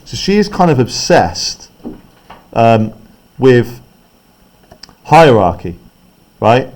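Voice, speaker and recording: A man's voice: mid-range voice, big pitch swings, slow, a little mellow. Chatty male teacher explaining a play. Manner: chatty, explaining, often checks in with "right?". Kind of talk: classroom text analysis.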